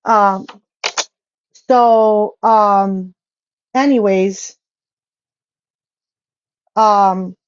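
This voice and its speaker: A woman's voice: mid-range voice, steady tone, drawn-out words, pauses often, highs cut off. Blunt, profane woman ranting on a vlog. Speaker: social media vlogger.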